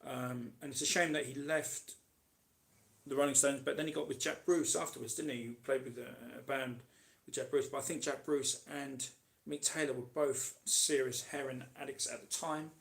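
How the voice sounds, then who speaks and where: A man with a creaky, fairly bright, medium-pitched voice hosts an informal live Q&A, speaking at a normal speed with fairly even intonation. He reads viewers' comments aloud and responds rambling and chatty, full of ums and restarts.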